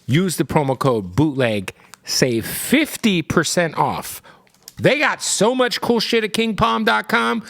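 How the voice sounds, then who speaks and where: Excitable podcast host man. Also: high voice, slow pace, creaky. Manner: excitable, loose, swears casually. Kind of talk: hyped ad read and casual interview.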